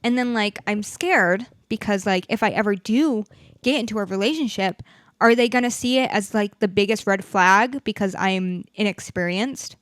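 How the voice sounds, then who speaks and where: A woman's voice: medium pitch, moderate pace, no echo, studio quality. Frank, swearing young woman podcaster. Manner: frank and profane, animated venting. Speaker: podcast host. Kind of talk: candid solo podcast chat.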